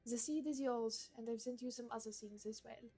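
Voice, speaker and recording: A woman voicing a snobbish, demanding gourmet woman in a put-on French accent, reading game dialogue aloud in a drawn-out, theatrical way. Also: a little high, steady tone, mellow, breathy edge, soft background music. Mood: wistful.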